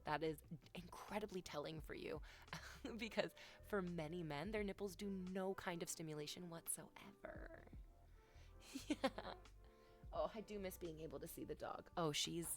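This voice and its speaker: A woman with a slightly low voice chats with her stream audience from home, playful and crude. She teases her viewers directly in a loose, unscripted way, with faint music behind her. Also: moderate pace. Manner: playful, teasing and crude, talking straight to chat. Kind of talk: casual live-stream chat. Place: home, talking to viewers with her dog nearby. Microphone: desk microphone, off camera.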